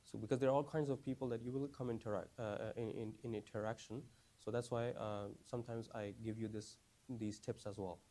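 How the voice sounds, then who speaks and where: A man's voice: on the low side, steady tone, fairly quick, hardly any pauses, warm tone. Man teaching a class, asks many questions. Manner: repeats phrases, frequent "right?" and "you understand?". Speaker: teacher of a class for new Muslims.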